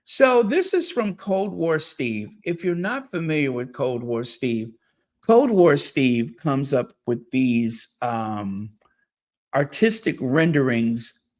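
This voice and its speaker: Guy from the us doing a live stream, reads member shout-outs real slow, gets all emotional thanking people. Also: mid-range voice, expressive. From United States. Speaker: channel host reading member messages. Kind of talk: live-stream chat reading.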